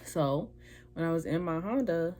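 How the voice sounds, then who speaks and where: A woman's voice: low-pitched, expressive, normal speed, darkish tone, slight background noise. A young woman vlogger telling a personal story in a casual, chatty way, acting out what people said in different voices. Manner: chatty, acts out quoted dialogue in altered voices.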